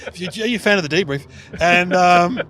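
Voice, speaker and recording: A middle-aged man hosting a casual comedy chat, telling stories and jumping into voices for the people he quotes. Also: fast talker. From Australia. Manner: animated storyteller, jumps into high-pitched voices for quoted people. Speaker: podcast host.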